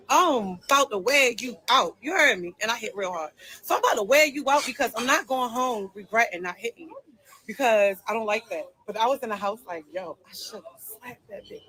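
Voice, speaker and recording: High, bright, emphatic woman venting. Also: poor audio. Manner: emphatic and repetitive, heated. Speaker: livestreamer telling her side. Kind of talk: venting on a livestream.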